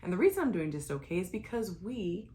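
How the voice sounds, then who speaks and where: A woman's voice: mid-range voice, sing-song, fairly quick, warm tone. A woman co-hosting a relationship talk show, chatting casually and chiming in with short, playful agreements. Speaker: podcast co-host. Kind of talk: casual chat.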